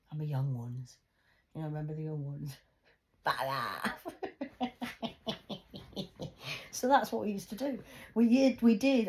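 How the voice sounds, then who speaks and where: A woman's voice: low voice, a little mellow. A woman, talking in a rambling, sweary, casual monologue. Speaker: host.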